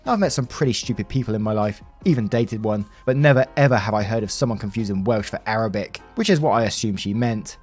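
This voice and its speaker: A man's voice: fairly low pitch, fast talker, few pauses. A man reading online stories aloud, in a conversational tone with wry asides. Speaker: story narrator. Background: faint background music.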